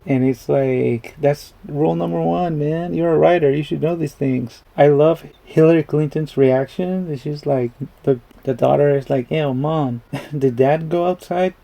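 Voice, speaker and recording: A man's voice: fairly high pitch, fairly even intonation, moderate pace, vocal fry, few pauses, dark tone, low-quality recording. A man giving rambling, casual commentary while reacting to a movie, chuckling and swearing freely.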